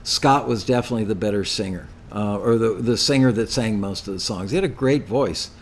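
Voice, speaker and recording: A man's voice: on the low side, fairly quick, a little hiss or hum. An older man hosting a live question-and-answer show, answering chat questions with rambling, anecdotal stories. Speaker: host.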